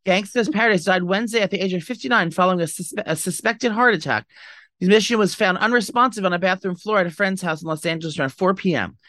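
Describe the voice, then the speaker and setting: A man talking fast in a dry, close-miked room. He co-hosts a casual podcast and gossips with dramatic flair. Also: sits high, bright, forceful tone, dry recording. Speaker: podcast co-host. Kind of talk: casual chat.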